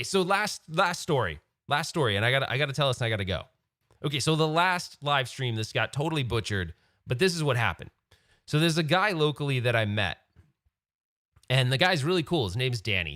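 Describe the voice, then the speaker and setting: A man's voice: medium pitch, bright, forceful tone, no room sound, studio quality. A man hosting a live-stream podcast in casual chat, rambling and getting sidetracked. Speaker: podcast host.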